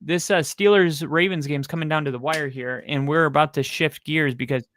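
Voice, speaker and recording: Excitable man reacting to football live. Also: a little high, moderate pace, slight background noise. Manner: excitable, swears and shouts at plays. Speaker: livestream host. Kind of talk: live sports reaction stream.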